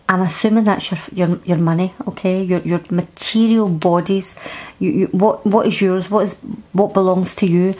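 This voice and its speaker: A woman's voice: mid-range voice, darkish tone, rough recording. A woman with a Scottish accent giving a casual tarot card reading to camera, reassuring and often repeating and restarting her words. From Scotland.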